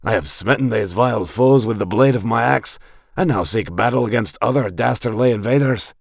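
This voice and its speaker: A man's voice: low voice, expressive, measured pace, vocal fry, slightly rough, no room sound, studio quality, heavily acted. A man voicing a bombastic male dwarf warrior role-player, with grandiose archaic phrasing and a failed attempt at a Scottish brogue.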